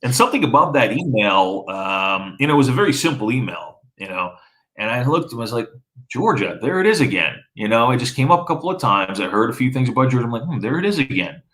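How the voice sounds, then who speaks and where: A man's voice: medium pitch, expressive, fast, fairly bright tone, poor audio. A man from the former Soviet Union whose first language is Russian, telling a story in casual conversation with many fillers and restarts. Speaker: interviewee.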